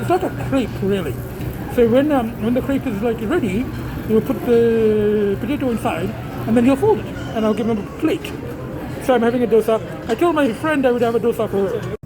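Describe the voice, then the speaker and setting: A man's voice: high-pitched, background noise. Rambling middle-aged man vlogging. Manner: rambling, hesitant, full of you-knows and restarts; blunt and swearing when annoyed. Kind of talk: casual vlog talk to camera. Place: car, restaurants and shops.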